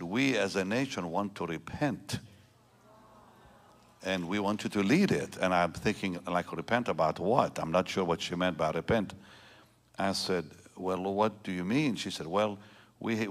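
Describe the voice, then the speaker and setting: A man's voice: low voice, unhurried. A man in his seventies, a pastor telling a personal story in a sermon, rambling and emotional, with many restarts. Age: 70s. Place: large church.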